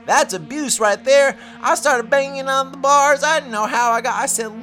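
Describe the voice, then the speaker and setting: Brief: high-pitched man, rambling preachy comic monologue, boastful self-made prophet. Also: normal speed, hardly any pauses, bright, forceful tone, faint music behind.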